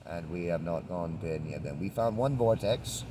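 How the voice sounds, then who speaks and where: A man's voice: low voice, normal speed, noisy background. A man rambling in a laid-back spiritual monologue while traveling, swearing now and then. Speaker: traveling vlogger. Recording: outdoor street recording from a distance.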